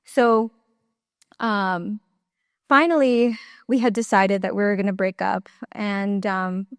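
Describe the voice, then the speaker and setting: A woman's voice: medium pitch, steady tone, takes it slowly, clear, resonant tone, no room sound, studio quality. A young woman giving a personal testimony at a church conference, talking casually with lots of fillers and little laughs. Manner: conversational storytelling with many fillers, laughs often. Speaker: conference speaker.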